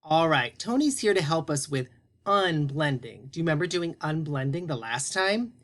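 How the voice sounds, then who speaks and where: A man teaching a phonics lesson to young children, prompting them slowly and deliberately. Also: fairly high pitch, animated, fairly bright tone.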